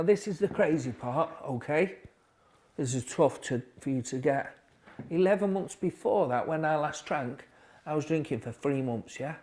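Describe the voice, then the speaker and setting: A man speaks as a podcast guest, with a voice of middling pitch. His story comes out halting and low, full of restarts, and it gets quieter where the story is hardest. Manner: quiet, halting storytelling with restarts, dropping softer at hard moments. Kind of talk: recovery story interview.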